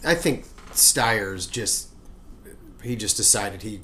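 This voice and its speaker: A man's voice: on the low side, lively intonation, slow pace, pushed and bright, a little hiss or hum. A married man on a casual political podcast, blunt and often restarting his sentences.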